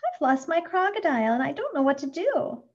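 A woman's voice: high-pitched, animated, normal speed, a little mellow, voice pushed up. A woman voicing a fretful, doting middle-aged lady who questions anxiously in a storybook read-aloud. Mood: frantic. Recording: dull lo-fi recording.

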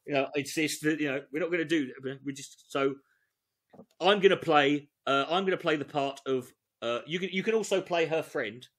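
A man reading through a dating skit and mocking it with sweary, animated commentary. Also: a little high, moderate pace. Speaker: comedy host reading a skit. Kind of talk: comedic sketch read-through with commentary.

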